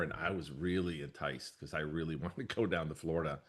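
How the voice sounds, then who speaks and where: A man's voice: a bass voice, fairly even intonation, fairly quick, hardly any pauses, fairly bright tone. A middle-aged man, a brokerage leader answering interview questions in a rambling, easygoing way, often correcting himself and laughing.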